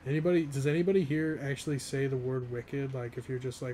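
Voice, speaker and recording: A man's voice: medium pitch, little pitch movement, fast talker, few pauses, dark tone, slight background noise. A young man in his twenties, from the northeastern US, chatting casually and rambling with chat while streaming a game, often laughing.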